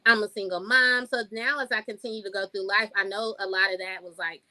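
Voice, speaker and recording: A woman's voice: medium pitch, a little fast, no room sound, low-quality recording. A woman, a single mom, talking casually and animatedly, acting out quotes in a podcast chat. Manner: animated, acts out quotes in voices.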